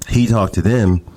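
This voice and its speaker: A man's voice: lowish voice, darkish tone. A man who is a podcast guest, telling a story in a laid-back, casual and profane way.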